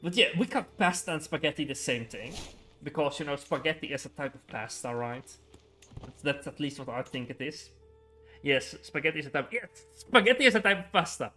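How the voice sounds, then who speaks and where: A man's voice: a little high, normal speed, bright, forceful tone, faint music behind. Chatty young man streaming a game. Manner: rambling, chuckling, frequent filler words. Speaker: livestreamer. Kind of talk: casual gaming livestream chat.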